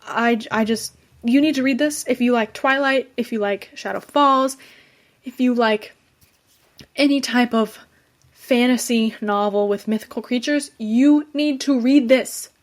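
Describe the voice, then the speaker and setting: A young woman hosting a podcast, giving an excited, chatty recap of a fantasy book with lots of fillers and restarts. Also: on the high side, unhurried. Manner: gushing, enthusiastic, fangirling. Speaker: podcast host. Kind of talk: casual book review recap.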